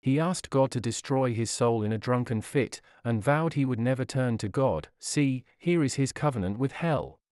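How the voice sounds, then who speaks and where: A man's voice: medium pitch, lively intonation, normal speed, few pauses, a little mellow, clean tone, no room sound, studio quality, natural voice. A man reading the part of Satan, a grim, hateful male fiend, accusing and snarling.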